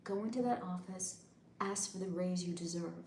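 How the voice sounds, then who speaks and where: Woman putting on a stern hushed coach voice. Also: normal speed, roomy sound, a little hiss or hum, lightly acted. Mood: stern, pushing. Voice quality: low, firm, hushed. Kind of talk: motivational pep talk.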